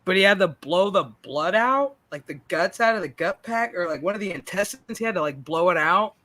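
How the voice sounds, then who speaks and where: A man hosting a casual stream chat, telling animated, profane stories. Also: high-pitched, fairly quick. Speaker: streamer host.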